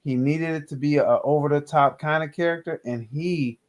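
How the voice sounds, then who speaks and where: A man's voice: fairly high pitch, brisk. A man film critic in a casual podcast roundtable, giving emphatic opinions with some hesitant restarts.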